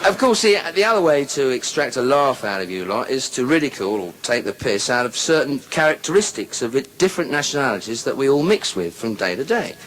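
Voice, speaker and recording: A man's voice: medium pitch, sing-song, a little fast, hardly any pauses, fairly bright tone, poor audio. A man doing live stand-up comedy, telling bawdy jokes with chatty asides. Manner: bawdy joke-telling with "you see" asides.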